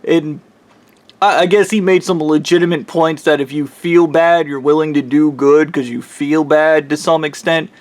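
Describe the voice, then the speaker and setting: Rambling, profane man with a higher voice. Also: steady tone, normal speed, a little mellow, no room sound. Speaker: vlogger recounting a dream. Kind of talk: casual rambling monologue.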